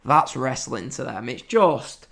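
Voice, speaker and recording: A man's voice: mid-range voice, sing-song, takes it slowly, vocal fry. A man, hosting a wrestling podcast in an exasperated, sweary ranting style. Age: 20s. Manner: exasperated, sweary, swings from loud outbursts to mutters. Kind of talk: casual ranting commentary.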